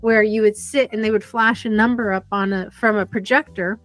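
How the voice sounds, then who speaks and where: A woman in her fifties, a podcast guest telling stories in an animated, conversational way. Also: mid-range voice, moderate pace, faint music behind. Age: 50s. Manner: animated storyteller who acts out the voices in her anecdotes. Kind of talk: conversational storytelling interview.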